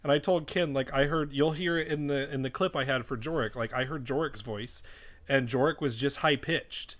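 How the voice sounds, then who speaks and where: A man's voice: medium pitch, normal speed, fairly bright tone. A man co-hosting a podcast in casual chat, rambling with frequent swearing and restarts. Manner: rambling, swears often, self-interrupting restarts. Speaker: podcast co-host and editor. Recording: raw podcast mic.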